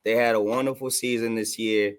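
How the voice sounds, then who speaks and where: A man co-hosting a podcast, talking in easygoing, chatty banter with a few halting starts. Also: lowish voice, steady tone, clean tone. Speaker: podcast co-host.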